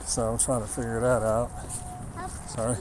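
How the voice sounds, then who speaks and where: Laid-back male streamer at mid pitch, wry, rambling storyteller; faint outdoor noise. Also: little pitch movement, normal speed. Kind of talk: casual storytelling.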